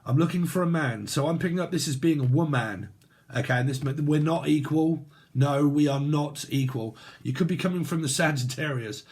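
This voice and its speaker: This British man's voice sits on the high side, darkish and slightly rough, and he talks fairly quickly. Reading tarot casually, he rambles from one association to another, joking crudely and laughing.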